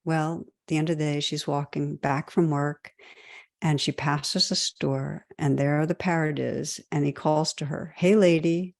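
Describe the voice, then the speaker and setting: A woman giving a dharma talk as a meditation teacher, gentle and reflective, often using "you know" and soft restarts. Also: sits low, level tone, a little slow, creaky, dry recording, studio quality.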